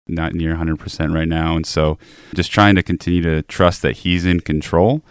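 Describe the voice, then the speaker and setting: A man on a casual faith podcast, speaking in a quiet, searching way with hesitant fillers. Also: very deep voice, fairly even intonation, moderate pace, clear, resonant tone, dry recording, studio quality.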